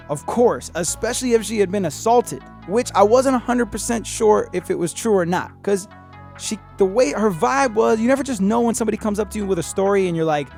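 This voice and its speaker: A man hosting a podcast, telling a story in a rambling, profane, animated way and acting out what people said. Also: sits high. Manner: profane, rambling, animated retelling with acted-out quotes. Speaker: podcast host. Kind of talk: casual storytelling.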